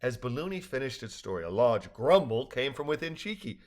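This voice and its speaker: A man's voice: mid-range voice, a little fast. Older man reading a storybook aloud. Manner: animated reading. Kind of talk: storybook narration.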